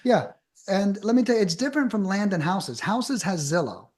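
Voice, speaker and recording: A man on a podcast as a guest, giving blunt, emphatic advice in fast bursts with casual swearing. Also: high-pitched, sing-song, a little mellow.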